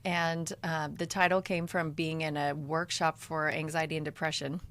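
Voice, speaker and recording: A woman author talking on a radio show in the studio, calm, candid and reflective. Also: deep voice, normal speed. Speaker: author and co-host. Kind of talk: casual radio talk.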